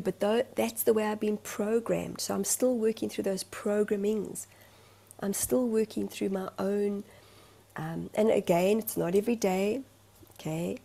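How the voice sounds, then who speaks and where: A woman's voice: mid-range voice, vocal fry, mellow. A woman in a candid vlog monologue, speaking as a life coach in an earnest, emotional, rambling way.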